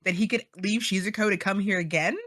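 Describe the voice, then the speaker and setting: A woman chatting as a player in a tabletop game, animated and talkative. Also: medium pitch, fast talker. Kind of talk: casual tabletop chat.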